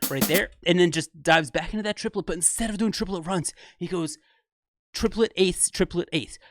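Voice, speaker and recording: A young man with a high voice runs a music reaction channel, breaking down rap rhythms with real excitement at a fairly quick clip. He laughs often and corrects himself as he goes.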